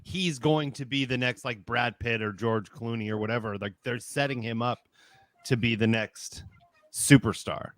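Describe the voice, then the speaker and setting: A man's voice: mid-range voice, moderate pace, dry recording. A man co-hosting a casual podcast, dropping joking asides. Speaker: podcast co-host. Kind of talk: casual chat.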